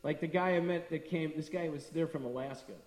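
Middle-aged male speaker, devotional talk, animated anecdotes; long reverb, voice from a distance. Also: fairly high pitch, a little fast. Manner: storytelling, acting out quoted people. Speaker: temple speaker. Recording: echoey hall from a distance.

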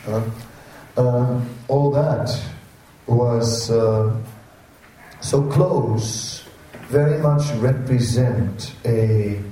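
A man preaches in a loose, storytelling way, slow and mellow. His voice is picked up from a distance in a very reverberant temple hall. A faint room hum sits behind him. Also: mid-range voice. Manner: chatty, anecdotal, laughs at own jokes. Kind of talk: informal sermon. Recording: roomy echo, speaker away from the mic.

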